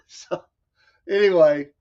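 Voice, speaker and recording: Southern male talk host, higher voice, emphatic and combative, dull lo-fi audio. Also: very slow, dark tone. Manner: emphatic, combative, laughs at his own jokes. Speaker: morning show host. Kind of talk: opinionated talk show monologue.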